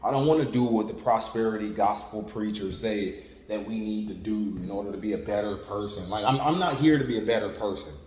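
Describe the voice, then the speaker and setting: In an echoey room with long reverb and faint ambience, a man with a lowish, darkish voice delivers an informal sermon at a brisk pace. He talks conversationally and repeats himself, saying "like" and "you know what I'm saying" a lot.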